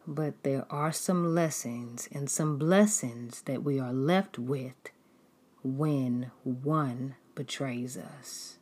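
A woman giving a sermon-style teaching in a slow, soft, half-whispered and drawn-out way. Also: a bass voice, slightly rough. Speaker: preacher.

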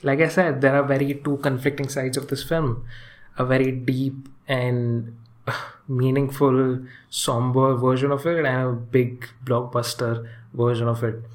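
Casual male film reviewer, mid-pitched, hesitant delivery, lots of restarts and filler words. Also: level tone. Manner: halting and hesitant, frequent restarts and fillers, chuckles often. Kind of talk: casual spoken movie review.

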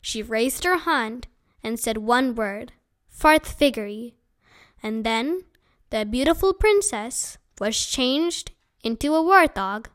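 A woman reading a children's book aloud as a storyteller, gentle and unhurried. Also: a little high, lively intonation.

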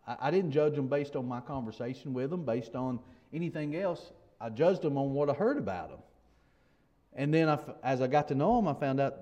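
High-voiced man preaching a sermon. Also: mellow. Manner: conversational, frequent restarts and "you know", rising to emphatic. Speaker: pastor.

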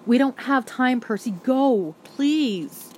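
A woman voicing a worried, protective mother in an audiobook reading, giving measured and deadly serious instructions. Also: high voice, slight background noise, voice pushed up. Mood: pleading.

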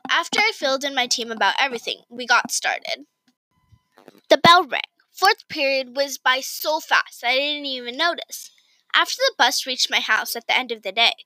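A woman reading her own story aloud in first person, with an expressive, excited delivery. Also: high voice, no echo, poor audio.

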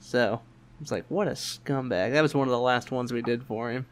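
A young man hosting a podcast, telling a work story in a quick, animated way and acting out other people's lines. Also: medium pitch, slight background noise. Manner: quick, animated anecdote-telling with voiced quotes. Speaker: podcast host. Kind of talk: casual storytelling chat.

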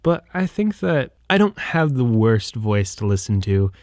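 A man's voice: mid-range voice, big pitch swings, a little slow, a little mellow, no echo, studio quality. A young man hosting his own podcast in a casual, rambling monologue, often hesitating, restarting and correcting himself, recorded on a microphone. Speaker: podcast host.

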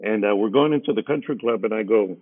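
A man's voice: on the low side, quick pace, breathy edge. A middle-aged man, a radio DJ telling stories as an interview guest and acting out the other people's lines. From San Antonio, Texas. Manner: lively storyteller, acts out others' lines. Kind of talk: casual storytelling. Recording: narrow phone-like sound.

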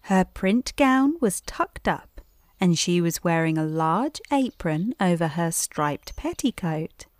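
Unhurried woman reading a bedtime story. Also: on the low side, lively intonation, no room sound.

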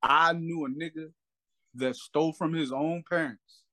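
A man holds forth in loose podcast banter, swearing freely and leaning on "you know what I'm saying." When he retells a clip he acts out each person, his voice leaping high and dropping low. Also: unhurried. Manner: animated storyteller, acts out quotes with big pitch jumps. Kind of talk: casual chat.

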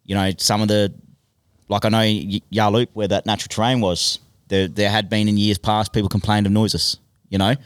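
A man hosting a casual podcast, relaxed and full of fillers. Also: lowish voice, normal speed, no room sound, studio quality. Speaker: host. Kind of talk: casual chat.

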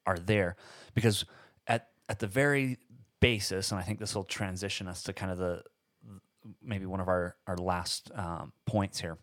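Deep-voiced man, dry close sound. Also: steady tone, a bit bright, no echo. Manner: measured, explanatory, with frequent ums. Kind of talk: casual podcast discussion.

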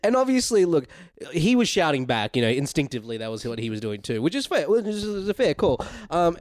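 A man's voice: on the high side, a little mellow, no echo, clean studio sound. A man telling a story in casual podcast chat, laughing often and swearing freely. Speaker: podcast guest, former chef.

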